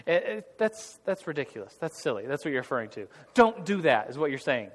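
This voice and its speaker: A man's voice: on the high side, very animated, fairly quick, big-room sound. A man leading an interactive church group class, talking casually and jokingly with many restarts. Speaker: Bible class leader. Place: large hall with tables of listeners.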